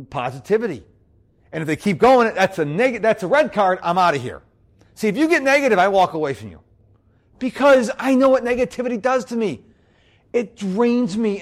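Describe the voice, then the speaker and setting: Upbeat guy giving a productivity talk, super animated, bouncy. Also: high-pitched. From United States. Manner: bouncy and upbeat, always energetic. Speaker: productivity speaker and podcast host. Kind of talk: motivational talk to an audience.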